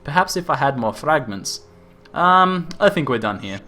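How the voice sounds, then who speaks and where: A man's voice: on the high side, very animated, normal speed, pushed and bright, soft background music. A man voicing an eccentric, reckless male scientist-inventor in an over-the-top Australian stereotype accent, reading game dialogue with a cackle. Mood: excited fussing. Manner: exaggerated, cackling quest-text reading.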